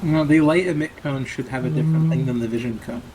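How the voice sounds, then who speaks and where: A man playing a tabletop game, describing his character's actions and thinking aloud over his rolls in a deliberate way. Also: a little high, a little mellow, a little hiss or hum, low-quality recording. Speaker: player. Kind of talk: casual tabletop role-play.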